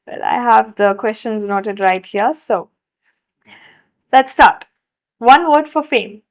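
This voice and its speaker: A woman hosting a podcast, asking rapid-fire questions in a bubbly way and laughing often. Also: fairly high pitch, expressive. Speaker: podcast host.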